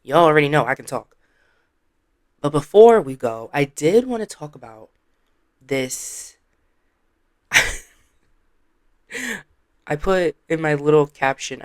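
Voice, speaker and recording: A commentary vlogger with a blunt, sassy manner, talking straight to the audience. The voice sits mid-pitch and sounds close and dry. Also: dry recording. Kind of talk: casual commentary.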